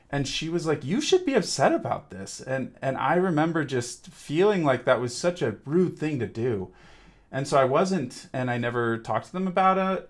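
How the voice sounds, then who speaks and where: A man commentating a reaction video, emotional and reflective about his own past. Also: medium pitch. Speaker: YouTube reactor.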